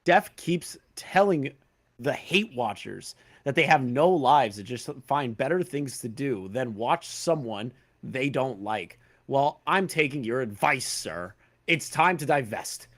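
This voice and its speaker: A man's voice: mid-range voice, lively intonation, measured pace, fairly bright tone. A man guesting on a casual podcast, his voice swinging widely as he reads a post aloud and breaks into laughs between remarks. He talks in a loose, chatty way.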